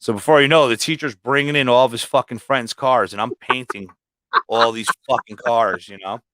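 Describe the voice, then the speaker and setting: A man's voice: medium pitch, steady tone, normal speed, a bit bright, no room sound. A man who is a guest on a livestream, telling long rambling stories full of swearing in a casual way. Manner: rambling, heavily profane storytelling. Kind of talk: casual storytelling.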